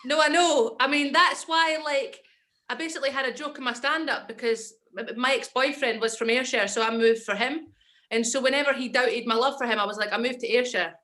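Bright-voiced Scottish woman chatting. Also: sits high, a little fast. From Scotland. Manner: animated, laughs often. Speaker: podcast guest, actress. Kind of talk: casual chat. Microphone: video call.

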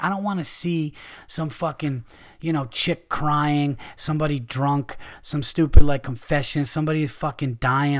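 A middle-aged man hosting a podcast, delivering a profane, angry rant with loud outbursts. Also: fairly high pitch. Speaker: podcast host, comedian.

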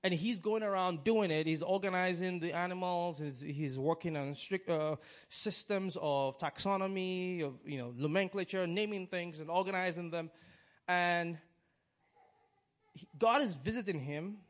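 High-voiced, chatty male preacher. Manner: conversational, halting, with restarts and chuckles; asks the audience questions. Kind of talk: sermon.

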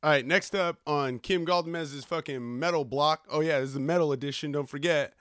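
A man with a fairly high voice hosts a podcast, ranting in a loose, profane and sarcastic way. His talk is full of slang. The recording is dry and close. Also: fairly quick, a bit bright, no echo. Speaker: podcast host. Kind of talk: profane rant.

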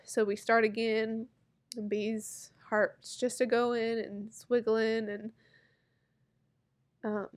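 Woman vlogger in her thirties, higher register, emotional confessional delivery, heartfelt with frequent pauses. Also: level tone. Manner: halting, heartfelt, many pauses and fillers. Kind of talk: personal story told to camera.

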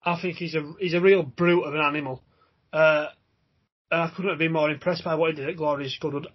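A man's voice: on the high side, fairly even intonation, fairly quick, highs cut off. A man hosting a racing podcast, reading out runners and odds in a jokey way. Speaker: podcast host. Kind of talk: casual racing podcast chat.

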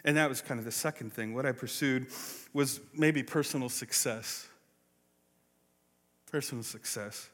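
A pastor telling a personal story in a sermon, acting out the voices of the people in it. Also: male voice, mid-range voice, normal speed, a bit bright. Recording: long reverb of a large hall.

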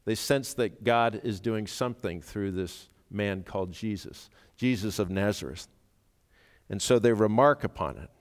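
A man preaching a sermon, speaking earnestly and rising to sudden loud emphasis when he quotes. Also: lowish voice, a little slow. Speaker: pastor. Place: church sanctuary. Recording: reverberant church hall.

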